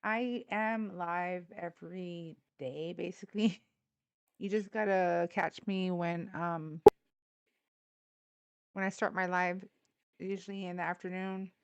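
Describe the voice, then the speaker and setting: A woman's voice: on the low side, fairly even intonation, takes it slowly, pauses often, clear, resonant tone, no echo, highs cut off. A tired woman from Texas with a Texan accent, hosting a casual political livestream in a blunt, outspoken, slangy way. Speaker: livestream host.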